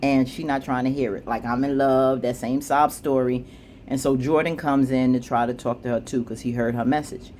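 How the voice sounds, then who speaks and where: Animated woman recapping a TV episode. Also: normal speed, a little hiss or hum. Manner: animated, acts out characters' lines with pitch jumps; chatty, frequent fillers and asides. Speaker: TV show recap vlogger.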